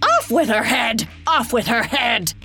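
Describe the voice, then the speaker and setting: A woman's voice: medium pitch, animated, a little slow, faint music behind. A woman doing an acid, imperious card queen. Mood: screaming rage. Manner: acid, imperious, clipped commands. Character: haughty, hot-tempered queen of playing cards. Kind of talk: storybook reading.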